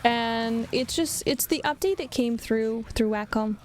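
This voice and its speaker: Young woman rambling to chat while drawing, kinda high voice, laughs a lot, soft music behind. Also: a little slow. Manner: chatty, rambling, laughs often. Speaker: vtuber art streamer.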